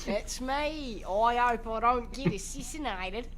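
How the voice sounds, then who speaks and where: A man putting on a brash Australian bloke who plays president, in a loud, slangy, goofy voice. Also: very high-pitched, slow, a crowd in the background. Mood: boisterous. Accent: put-on Australian.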